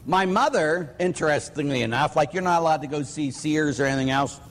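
A priest from Pittsburgh, USA, preaches a conversational sermon full of plainspoken, anecdotal stories. His voice is on the high side, brisk and fairly bright, with long hall reverb on the recording.

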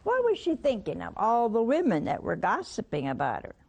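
Animated woman preaching a sermon. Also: fairly high pitch, a little fast, creaky, breathy edge. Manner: storytelling with rhetorical questions to listeners.

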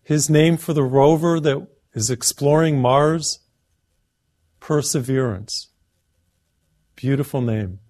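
Slow, earnest male TV preacher. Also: medium pitch, a little mellow. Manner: earnest, emphatic, list-like repetition. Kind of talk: televised sermon.

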